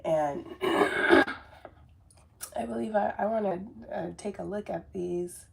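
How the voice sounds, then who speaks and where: A woman's voice: medium pitch, slow pace, vocal fry, very noisy. A woman giving an earnest, rambling motivational talk as a business coach, with many fillers and restarts. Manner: self-described very sensitive. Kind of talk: casual motivational talk to camera.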